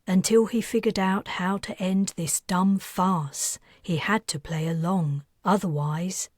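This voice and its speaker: A woman reading her own science fiction novel aloud in steady, measured scripted narration, close to the mic. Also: on the low side, slightly rough, no room sound.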